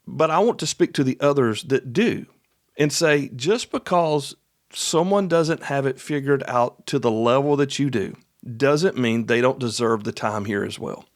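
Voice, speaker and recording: A man hosting an instructional podcast in a folksy, conversational way, often repeating his points. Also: medium pitch. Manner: folksy, repeats points, acts out little dialogues.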